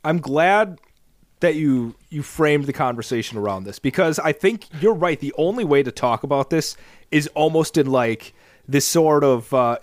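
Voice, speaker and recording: A man co-hosting a casual basketball podcast, talking in an animated, dramatic way as he builds up his points. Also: a little high, no echo, clean studio sound. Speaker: podcast co-host.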